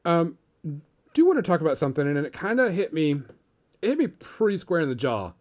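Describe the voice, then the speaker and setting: Lively co-host with a bouncy voice. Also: male voice, on the high side, brisk, muffled recording. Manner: lively, swears casually. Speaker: podcast co-host. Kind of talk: casual chat.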